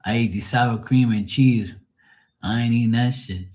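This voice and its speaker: A man's voice: medium pitch, normal speed, a little mellow, close to an everyday voice. A man voicing a grumbling, offended house cat. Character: indignant house cat, male.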